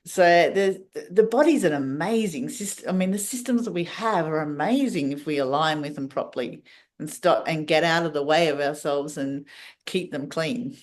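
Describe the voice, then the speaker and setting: A woman's voice: deep voice, normal speed. A woman guest on a podcast, talking in a meandering, casual way with many restarts. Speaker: podcast guest, wellness practitioner. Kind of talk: casual interview talk.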